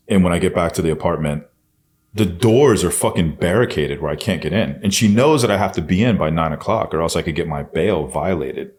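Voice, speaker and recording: Very deep-voiced blunt man. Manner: blunt, heavy swearing, intense retelling. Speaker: podcast guest. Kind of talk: candid storytelling.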